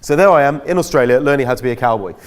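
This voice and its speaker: A man's voice: mid-range voice, very fast, smooth. A man in a mid-range voice tells chatty, self-mocking stories to a school audience. His voice carries long reverb from a large hall. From Britain. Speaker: guest speaker at a school. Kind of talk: anecdotal talk to an audience. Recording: echoey hall.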